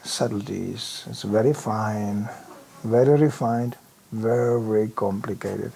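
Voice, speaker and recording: A man's voice: fairly high pitch, measured pace, slight background noise. An older man giving a sermon in a temple hall, spinning a vivid anecdote. He talks loosely and conversationally, dotted with "you know", and acts out the bumps and noises he describes. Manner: lively anecdotal telling with many "you know" asides and acted-out sound effects. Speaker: visiting preacher. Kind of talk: storytelling sermon.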